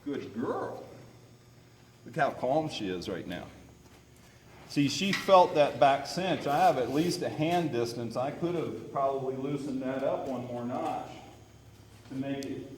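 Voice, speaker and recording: A man working as a horse trainer, calmly explaining to viewers while soothing a horse in an arena. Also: medium pitch, unhurried. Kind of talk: training demonstration with commentary. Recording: echoey, distant from the mic, with faint noise.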